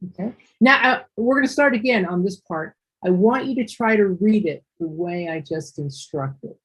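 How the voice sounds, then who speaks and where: A woman's voice: medium pitch, normal speed, breathy edge, low-quality recording. A woman teaching a one-on-one English class, explaining patiently step by step with examples.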